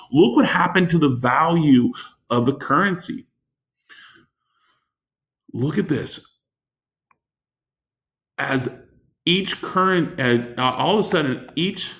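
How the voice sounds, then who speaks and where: Emphatic male history teacher, echoey room. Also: medium pitch. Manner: emphatic, many restarts and fillers. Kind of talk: recorded classroom lecture.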